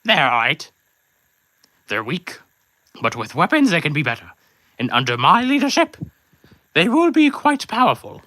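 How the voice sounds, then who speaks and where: A man doing a high, boastful snake villain. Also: very animated, moderate pace, pauses often, pushed and bright, no room sound, full character voice, low-quality recording. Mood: grandiose. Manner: grandiose, boastful. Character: pompous male snake villain, puppet.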